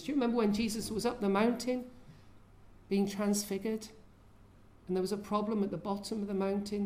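A woman's voice: mid-range voice, darkish tone. A woman preaching a sermon in an earnest way, often asking her listeners questions.

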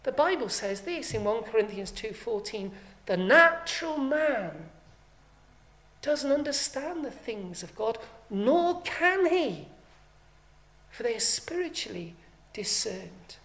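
A woman preaching a sermon, emphatic, swelling and dropping her volume to stress points. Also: mid-range voice.

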